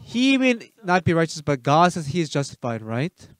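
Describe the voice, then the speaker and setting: A man preaching a sermon as pastor, emphatic, firing rhetorical questions at the congregation and swinging between loud urging and soft asides. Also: on the high side, very animated, moderate pace, dry recording.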